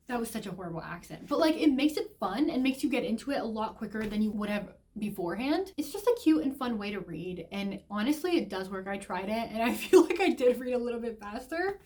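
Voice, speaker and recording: A woman's voice: mid-range voice, darkish tone. A woman book vlogger giving a casual, gushing review, chatty and full of "like" fillers. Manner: gushing, chatty, heavy use of "like".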